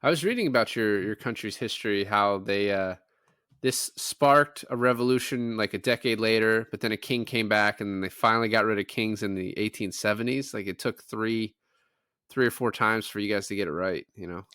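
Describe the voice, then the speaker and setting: A man with a low voice chats casually through a film recap. He tosses in quick voices for each character. The sound is dry and close-miked. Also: clear, resonant tone, no echo. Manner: animated retelling, quoting characters in offhand voices. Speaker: podcast co-host. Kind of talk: casual chat.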